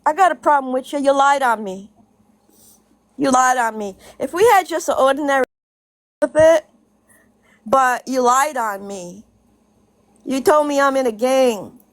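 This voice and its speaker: Blunt high-voiced woman ranting. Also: lively intonation, a little slow, pauses often, dry recording. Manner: blunt, profane, laughing between points; repeats herself for emphasis. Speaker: social media commentator. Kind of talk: casual ranting vlog.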